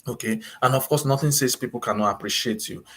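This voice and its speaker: A man talking through practical advice in a loose, conversational way. He circles back, restates his points and slips into little acted-out dialogues between friends. His voice sits at an ordinary middle pitch. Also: fast, fairly bright tone. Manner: conversational, repeats and rephrases, acts out little dialogues. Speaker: advice vlogger on student visas. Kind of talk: casual advice talk.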